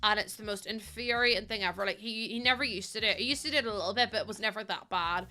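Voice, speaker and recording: A woman's voice: mid-range voice, fast talker. A young woman chatting casually while streaming a building game, rambling and bubbly with plenty of ums. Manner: bubbly, greets chat warmly. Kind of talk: casual live-stream chat.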